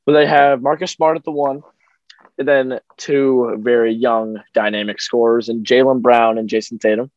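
A man co-hosting a casual sports podcast from a small home room, upbeat and joking with quick asides. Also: medium pitch, steady tone, darkish tone, dry recording, lo-fi sound. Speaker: podcast co-host.

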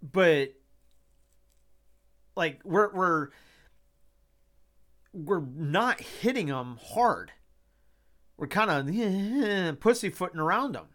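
A man hosts his own talk show, speaking in a fairly high voice. He rants with passion, swears freely and circles back over the same phrases. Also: animated, extremely slow, long pauses, fairly bright tone. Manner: impassioned, swearing, repeats himself. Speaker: podcast host. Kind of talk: casual opinion talk.

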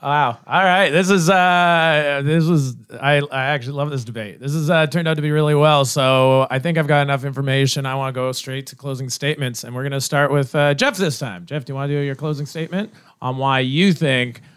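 A man's voice: mid-range voice, fairly quick, a bit bright, clear, resonant tone. A man moderating a comedy debate, laughing easily and keeping things moving.

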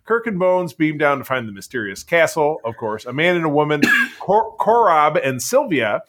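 A man's voice: a little high, sing-song, normal speed, fairly bright tone. A man co-hosting a casual podcast, recapping episodes in a chatty, joking way. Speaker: podcast co-host. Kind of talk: casual chat.

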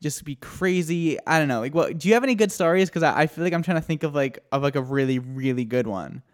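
Talking fast in a higher-leaning voice, a man co-hosts a podcast. He rambles through stories in casual chat, laughing and cursing frequently.

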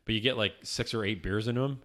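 A man with a fairly low voice hosts a relaxed podcast chat from an office. He rambles, restarts his sentences and swears casually. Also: quick pace. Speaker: podcast host.

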